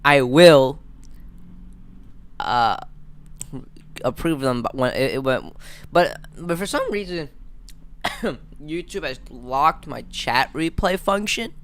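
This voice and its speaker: A man's voice: on the high side, lively intonation, takes it slowly, long pauses, fairly bright tone. A man in his twenties hosting a live stream, rambling and stammering through casual jokes. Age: 20s. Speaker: livestream host.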